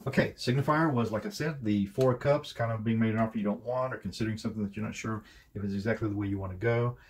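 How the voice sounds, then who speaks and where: A man's voice: lowish voice, fairly even intonation, quick pace, slight background noise. A man giving a casual, rambling tarot card reading, full of hesitations and fillers as he talks through each card. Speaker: tarot reader.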